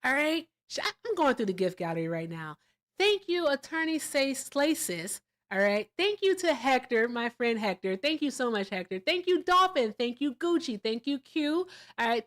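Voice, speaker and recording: A woman from Virginia hosts a casual livestream, animated and gushing as she thanks her viewers. Her voice sits high at a moderate pace, jumping between loud excitement and quiet asides.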